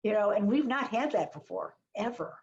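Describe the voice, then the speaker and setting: The marketing advisor for small businesses talks at a normal speed in an animated, medium-pitched voice with a darkish tone. Her webinar on a video call is blunt and chatty, loaded with jokes and asides, and the sound is dull lo-fi.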